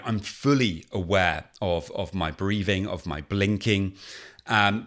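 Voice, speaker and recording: A man's voice: fairly low pitch, a bit bright. A man acting out the inner monologue of an anxious, frustrated man going back to work after time off. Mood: exasperated. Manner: self-talk monologue, restless, exasperated. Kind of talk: illustrative role-play monologue.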